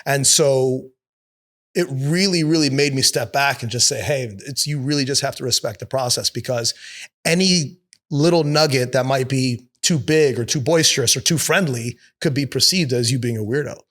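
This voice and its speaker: A man being interviewed as an actor and producer, telling stories in a lively, profane way and acting out the people he quotes. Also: medium pitch, moderate pace. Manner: animated, profane, acts out quotes. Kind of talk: casual interview storytelling. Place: studio with city view.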